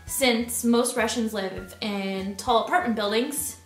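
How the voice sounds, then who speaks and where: A woman's voice: a little high, slow, recorded from a distance. A woman co-hosting a casual vlog in a playful way, asking questions and laughing easily. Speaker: vlogger co-host. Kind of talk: casual chat. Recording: roomy echo with faint music.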